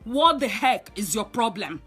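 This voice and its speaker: A Nigerian woman with a high-pitched voice rants angrily, scolding her target and hammering away with repeated rhetorical questions. Faint music plays quietly behind her. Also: very animated, measured pace, husky. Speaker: online commentator. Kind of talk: angry direct-to-camera rant.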